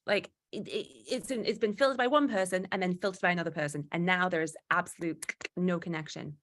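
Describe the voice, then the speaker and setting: A woman giving a motivational talk, animated and acting out quoted exchanges, with frequent restarts. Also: lowish voice, fairly quick, hardly any pauses. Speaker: guest speaker.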